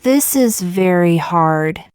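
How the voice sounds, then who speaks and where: Slow, clear-voiced woman teaching English. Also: lowish voice, expressive, darkish tone, no room sound, clean studio sound. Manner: slow, deliberate, evenly paced phrases with pauses. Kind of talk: reading example sentences for learners.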